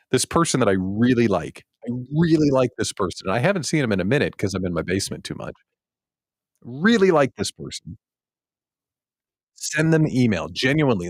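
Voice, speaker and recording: A man with a mid-range voice hosts a small business show, delivering a casual livestream monologue with no echo. He tells stories in a self-mocking way and acts out his own past thoughts.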